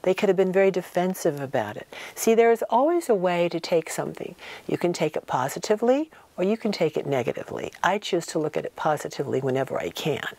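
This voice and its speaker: A woman in her sixties, a guest in an interview, telling animated and emphatic stories and acting out the people she quotes. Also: fairly low pitch, fast, hardly any pauses. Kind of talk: anecdotal interview storytelling.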